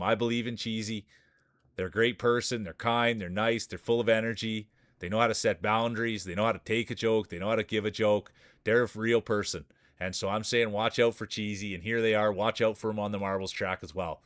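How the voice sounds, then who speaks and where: A man's voice: fairly low pitch, fairly even intonation, a little fast, fairly bright tone, no echo, studio quality. A man in his forties with a small-town Saskatchewan Canadian accent, hosting live marble races with rambling, hyped sports-announcer patter. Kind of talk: live stream commentary and chat.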